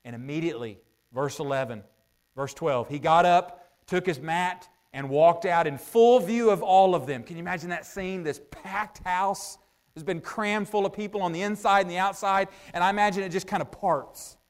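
High-voiced male preacher thinking aloud. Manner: conversational, asks the audience rhetorical questions; thinks out loud with frequent "uh" pauses. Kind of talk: sermon.

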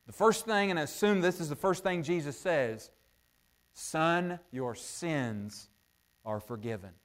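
A man delivering a sermon in a high voice. He talks it through like a conversation, tossing rhetorical questions to the congregation and pausing with "uh" as he works through his thoughts. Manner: thinks out loud with frequent "uh" pauses. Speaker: preacher.

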